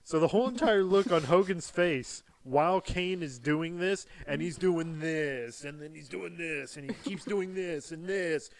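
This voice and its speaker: A man's voice: on the high side, measured pace, vocal fry, hardly any pauses, dry recording. A man hosting a casual wrestling podcast, telling stories animatedly and laughing often. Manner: animated storyteller, laughs often, slips into impressions. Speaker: podcast host. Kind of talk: casual chat.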